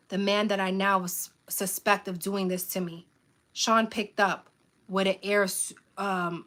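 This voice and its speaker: A woman hosting a live stream, reading a memoir aloud with frequent stumbles and self-corrections, pausing to plead with her viewers. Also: medium pitch, a bit bright. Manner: earnest pleas to viewers, frequent "um". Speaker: channel host reading a book aloud.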